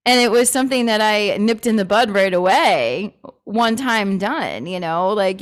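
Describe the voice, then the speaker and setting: A woman's voice: medium pitch, expressive, a little slow. A woman hosting a casual talk on personal growth, candid, swearing freely and laughing often. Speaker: host.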